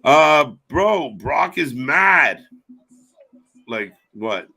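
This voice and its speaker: A man's voice: on the high side, big pitch swings, extremely slow, vocal fry, pushed and bright. A man co-hosting a live reaction stream in casual, jokey chat that trails off into fillers. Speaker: co-host of a live wrestling watch-along stream.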